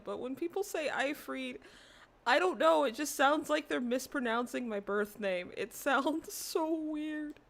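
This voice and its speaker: A woman's voice: sits high, vocal fry. Rambling, joking woman streamer. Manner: rambling, joking, laughing asides. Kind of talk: casual let's-play commentary.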